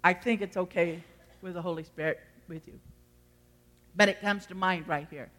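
Bright-voiced woman preaching in a hall. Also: on the low side, fairly even intonation, moderate pace. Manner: swings from loud exhortation to quiet asides. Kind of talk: sermon. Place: church sanctuary. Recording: long church hall reverb.

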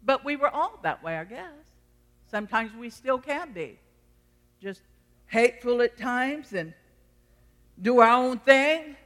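A woman's voice: a little high, expressive, unhurried, long pauses, a bit bright. A middle-aged woman pastor preaching a sermon, emphatic and acting out the voices she quotes. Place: church sanctuary. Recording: long reverb of a church hall.

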